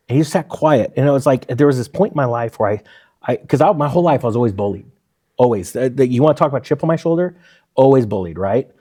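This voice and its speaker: A man's voice: medium pitch, fast, husky. A man in his forties, a former firefighter, telling stories in a casual interview and acting out the dialogue. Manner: animated storyteller, acts out quoted dialogue.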